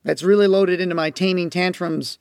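A man's voice: high voice, steady tone, fairly quick, creaky, a little mellow, clean tone, no echo, clean studio sound. A man teaching parents as a coach, talking emphatically and repeating his key phrases. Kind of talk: instructional talk to parents.

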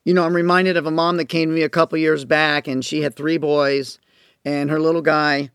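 Gravelly-voiced man lecturing on parenting. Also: on the high side, little pitch movement, brisk, a bit bright, no echo, clean studio sound. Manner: earnest, emphatic explaining. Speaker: parenting educator and counselor.

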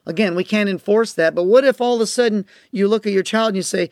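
A man's voice: sits high, brisk, hardly any pauses, a little mellow, no echo, studio quality. A man teaching parents as a coach, talking emphatically and repeating his key phrases. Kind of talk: instructional talk to parents.

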